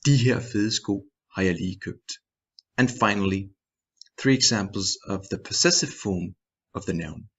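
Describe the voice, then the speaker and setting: Husky-voiced man teaching grammar. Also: fairly low pitch, dull audio. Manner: measured, reads example sentences in Danish then English. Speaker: Danish language teacher. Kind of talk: scripted grammar lesson.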